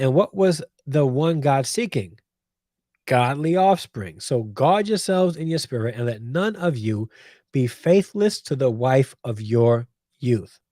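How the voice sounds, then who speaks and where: A man's voice: mid-range voice, warm tone, no room sound. A man hosting a show, giving emphatic Bible commentary and repeating phrases for weight. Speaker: host.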